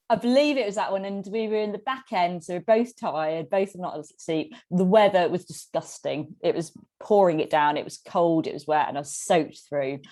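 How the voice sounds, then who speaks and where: A woman's voice: on the low side, normal speed. Giggly woman telling cycling stories. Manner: giggly, animated, often laughs mid-sentence. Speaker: podcast guest, tandem cyclist. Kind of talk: casual storytelling.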